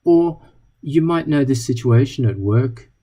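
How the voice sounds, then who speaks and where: A man speaks to an audience in a relaxed, mellow tone with a touch of huskiness. He tells wry anecdotes and acts out short exchanges between people as he goes. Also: mid-range voice, measured pace, breathy edge. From not British. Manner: wry, anecdotal, plays out little dialogues. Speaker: speaker giving a talk. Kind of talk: storytelling talk to an audience.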